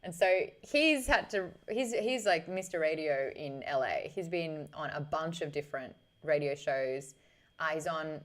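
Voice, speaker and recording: A woman with an Australian accent, hosting a casual livestream, chatting cheekily and reading out viewer comments. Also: on the low side. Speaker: livestream host.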